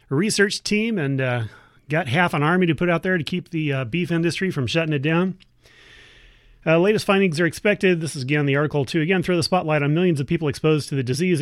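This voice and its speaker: A woman's voice: low-pitched, quick pace, dry recording. Female community radio host, wry editorial commentary, dry studio mic. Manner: wry, editorializing, breaks in to comment while reading.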